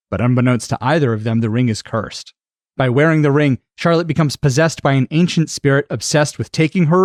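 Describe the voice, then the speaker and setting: Male podcast host, animated delivery, dry close sound, chatty. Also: mid-range voice, no echo. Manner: laughs often, chatty. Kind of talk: casual chat.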